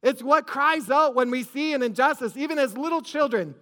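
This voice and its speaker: A man's voice: very high voice, brisk, bright, forceful tone. A man preaching a sermon to his church with rising emphasis, recorded in a large hall. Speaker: pastor.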